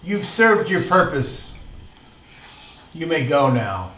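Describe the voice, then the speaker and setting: A cold, commanding mother who protects her daughter without softness, as a man puts her on. The voice sits a little high. It is heard from a distance in a room that echoes. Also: very animated, slow, a little hiss or hum, heavily acted. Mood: cool commanding. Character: stern protective mother of a female adventurer. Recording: roomy echo, distant mic.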